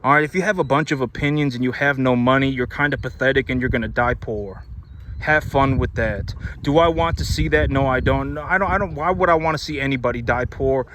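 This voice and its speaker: A man talks in a blunt, lecturing monologue, circling back and repeating his points with many restarts. His voice sits at an ordinary middle pitch. A faint hum runs underneath, as if recorded near a vehicle. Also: fairly quick, a bit bright. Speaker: cattle rancher and business owner. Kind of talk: casual monologue to camera.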